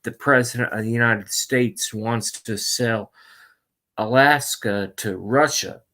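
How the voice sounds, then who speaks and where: A man's voice: medium pitch, sharp tone. A man doing a comic impression of a confused, rambling elderly male politician. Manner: meandering, slow, free-associating.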